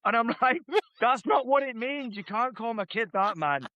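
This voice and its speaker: A man's voice: extremely high pitch, lively intonation, moderate pace, no room sound, muffled recording. A man co-hosting a podcast, telling a sweary, rambling family story with laughs. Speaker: podcast co-host. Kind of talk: casual storytelling.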